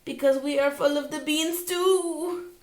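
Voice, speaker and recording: Brief: woman reader voicing an excitable little storybook chihuahua, chatty, sing-song, roomy recording. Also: high voice, measured pace, pitched above the performer's own voice. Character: small excitable male chihuahua, chattering sidekick. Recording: echoey home room.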